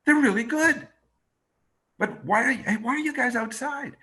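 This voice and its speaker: A man, a radio reporter and documentary maker, teaching a workshop by telling a fast, expressive story and acting out the quotes, over a video call. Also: very high-pitched, slightly rough. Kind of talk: animated storytelling lesson.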